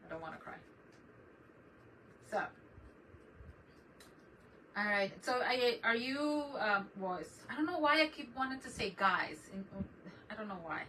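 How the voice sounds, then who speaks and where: A woman's voice: on the high side, animated, unhurried, long pauses, sharp tone. A middle-aged woman hosting a crafting live stream, chatting casually and greeting viewers by name. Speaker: crafting channel host. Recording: distant mic with noticeable background noise.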